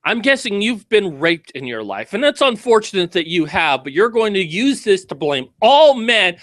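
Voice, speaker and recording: A man with a high, sharp voice rants through an angry commentary, swinging between sarcastic explanation and shouted, profane outbursts. The sound is close and dry, with no room around it. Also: sing-song, normal speed, hardly any pauses, dry recording. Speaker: video commentator.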